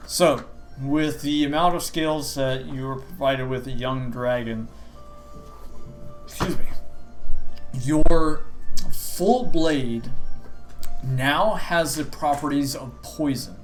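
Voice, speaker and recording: A man's voice: medium pitch, takes it slowly, long pauses, poor audio. A man as game master explaining tabletop rules in a loose, rambling way with restarts. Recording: music playing behind.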